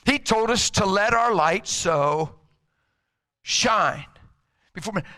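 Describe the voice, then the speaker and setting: Middle-aged male preacher, high and bright voice, ramped-up conversational sermon delivery. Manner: energetic, emphatic, conversational preaching.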